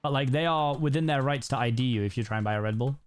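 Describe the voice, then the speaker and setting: A British man in the middle of a game stream, spinning a casual anecdote at an easy, unhurried clip. He keeps dropping in "like" and checking in with "right?" as the story winds along. His voice sits at a middling pitch for a man. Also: smooth. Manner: rambling storyteller, peppers talk with "like" and "right?". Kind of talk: casual chat while playing a game.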